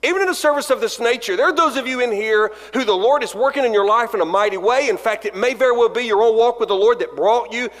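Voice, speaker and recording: A man's voice: extremely high pitch, quick pace, few pauses, fairly bright tone. A man, a pastor telling funny self-deprecating stories in a chapel sermon. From Alabama. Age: 40s. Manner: storytelling, self-deprecating jokes, acts out dialogue. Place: large chapel. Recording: long reverb of a chapel hall.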